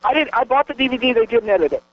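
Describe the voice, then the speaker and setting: A man co-hosting a casual wrestling talk show, excitable and fond of bragging, laughing easily. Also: very high-pitched, racing, muffled recording. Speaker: podcast co-host.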